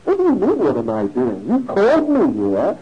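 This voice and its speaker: A man's voice: on the high side, huge pitch swings, normal speed, a little hiss or hum. A man voicing a playful, cheeky little boy who teases and scolds a worried grown-up. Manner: teasing, mock-indignant. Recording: dull lo-fi recording.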